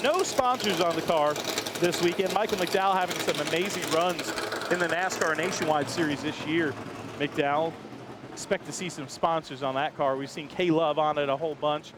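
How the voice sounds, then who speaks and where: A man hosting a walking tour of a race garage, chatting upbeat and joking with crew members outdoors. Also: fairly high pitch. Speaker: host. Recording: faint outdoor background noise.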